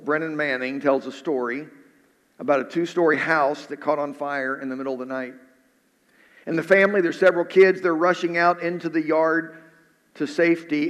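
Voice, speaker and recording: Man, pastor, earnest sermon, slightly high voice, reverberant hall. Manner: earnest preaching, drops soft and low in prayer.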